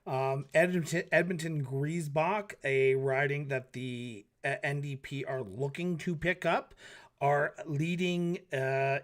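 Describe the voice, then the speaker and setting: A man's voice: fairly high pitch, steady tone, takes it slowly. A man from Canada hosting an election night talk show, speaking conversationally with hesitant fillers. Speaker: show host.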